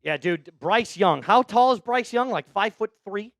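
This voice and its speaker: Here a male streamer doing live sports play-by-play speaks high and expressive at a normal speed, with no echo and a dry, close sound. Hyped and chatty, he keeps thanking donors and giving shout-outs to chat.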